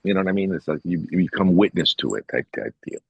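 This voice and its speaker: Casual podcast co-host, man, very low husky voice, rambling, dull dry sound. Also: lively intonation, quick pace, dry recording. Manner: rambling, retells conversations, swears casually. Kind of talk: casual chat.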